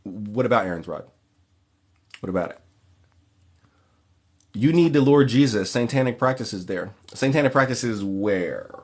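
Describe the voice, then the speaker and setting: A man hosting a casual livestream Q&A who reads viewers' questions aloud and answers in a relaxed, plain way. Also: lowish voice, unhurried, pauses often. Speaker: occult livestream host.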